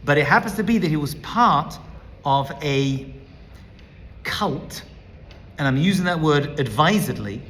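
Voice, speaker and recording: A man's voice: fairly high pitch, expressive, measured pace, long pauses, fairly bright tone, big-room sound, a little hiss or hum. A man speaking as a rabbi, giving an emphatic teaching talk that he lays out point by point. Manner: emphatic, lecturing, builds points as a numbered list.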